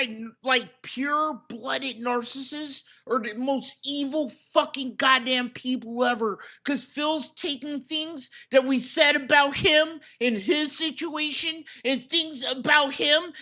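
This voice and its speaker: Brief: high-pitched, bright-toned male streamer ranting over a clip, profane and mocking. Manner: angry, shouting, mocking. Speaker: reaction streamer. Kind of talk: profane reaction commentary.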